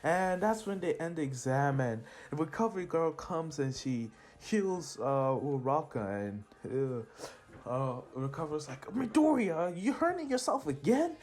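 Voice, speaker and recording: A teenage boy retells a fan-made superhero story in a loose, rambling way. He drifts into slangy asides and laughs at his own tangents, his voice sitting at an ordinary mid pitch. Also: animated, unhurried, darkish tone. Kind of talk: casual fan-fiction narration.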